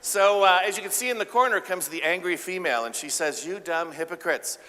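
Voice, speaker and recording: A man giving a live keynote talk, playful and joking, getting the audience to shout out answers. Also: high-pitched, very animated, fast. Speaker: keynote speaker. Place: large event hall with audience. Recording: live hall with reverb.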